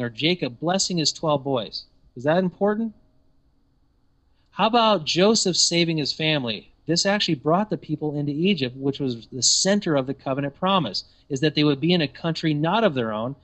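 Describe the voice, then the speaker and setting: Male teacher, sermon delivery, emphatic questioning, a bit higher pitch. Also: animated, a little fast, fairly bright tone.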